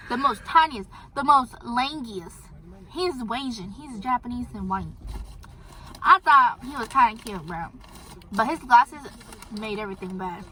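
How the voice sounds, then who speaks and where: A woman's voice: on the high side, sharp tone. A teenage girl vlogging, telling gossipy stories about her crushes in casual chat. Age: teens. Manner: chatty, gossipy storytelling.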